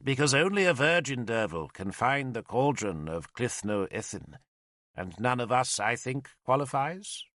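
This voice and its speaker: A man's voice: medium pitch, very animated, normal speed, hardly any pauses, fairly bright tone, dry recording, clean studio sound. A man voicing an old male druid in an audiobook, imperious and sarcastic, with a stern, snapping delivery. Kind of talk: audiobook character voice.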